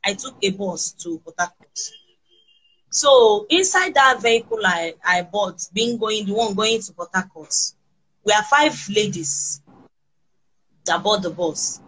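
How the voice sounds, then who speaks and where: A Nigerian woman with children recounts her ordeal in halting, restarting sentences. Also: mid-range voice, lively intonation, fairly bright tone, slightly rough, low-quality recording. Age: adult with children. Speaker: kidnapping survivor interviewed.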